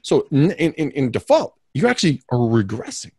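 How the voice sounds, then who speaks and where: A man being interviewed about his career, telling stories in an energetic, rambling, emphatic way with self-mocking asides. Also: on the high side, a little fast, husky, no echo, clean studio sound. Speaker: realtor and podcast co-host, interview guest. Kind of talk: candid interview storytelling.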